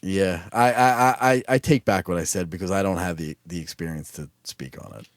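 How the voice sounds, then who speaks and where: A man's voice: deep voice, fairly quick, dry recording, clean studio sound. A man co-hosting a podcast, speaking in an easygoing, reflective way and often correcting himself. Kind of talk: casual chat.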